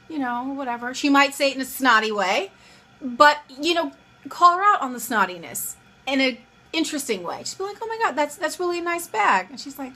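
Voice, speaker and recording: A woman's voice: high-pitched, animated, brisk, bright, forceful tone. A young woman vlogging casual dating advice, chatty and acting out both sides of the conversations she describes. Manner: chatty, acts out both sides of pickup lines.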